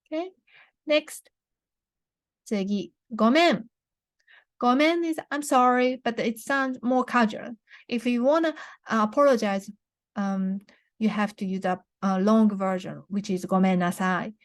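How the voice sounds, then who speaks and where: A young woman with a Japanese accent teaching a beginner language lesson, saying words slowly and clearly for repetition, with frequent restarts. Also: on the high side, no echo, clean studio sound. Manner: slow, careful model pronunciations with many restarts.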